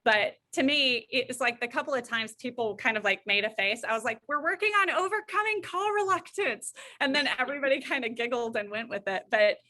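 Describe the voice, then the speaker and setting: A woman's voice: a little high, fairly quick, few pauses. A middle-aged woman, a guest counselor, telling an anecdote and acting out the voices in it. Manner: lively, acts out the voices in her stories. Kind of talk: anecdotal storytelling.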